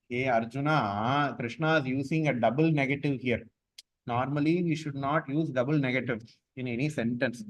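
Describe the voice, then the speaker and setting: A man teaching a class on scripture verses. He explains each point patiently with repetition and chants the verses slowly. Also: on the high side, low-quality recording.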